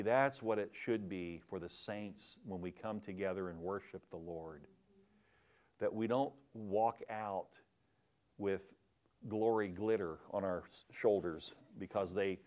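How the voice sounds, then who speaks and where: A male pastor preaching an expository sermon in a church, animated and emphatic, jumping from sudden shouts to hushed asides. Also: fairly low pitch.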